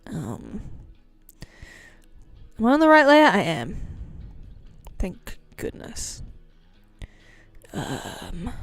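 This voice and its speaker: A woman's voice: medium pitch, vocal fry. A young woman chatting casually on a live stream while she draws, playful and giggly, sometimes slipping into a cooing baby voice. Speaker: livestreamer. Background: faint music.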